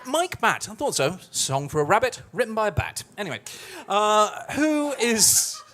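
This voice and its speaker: A man's voice: high voice, sing-song, moderate pace, fairly bright tone. A man hosting a live musical theatre night, chatting in a self-mocking, playful way. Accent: Scottish. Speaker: host. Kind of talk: live cabaret hosting banter. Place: live music club venue.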